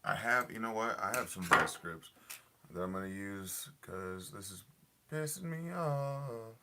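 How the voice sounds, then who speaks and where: A man's voice: low-pitched, fairly even intonation, normal speed, sharp tone, a little hiss or hum. Frustrated man tinkering while live streaming. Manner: frustrated muttering, talks to chat viewers. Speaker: RC hobby livestream host. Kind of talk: casual live-stream chat while working on a model truck.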